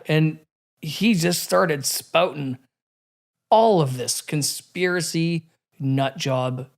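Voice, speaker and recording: A man in casual podcast conversation, telling a candid story with frequent swearing and many restarts. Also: fairly high pitch.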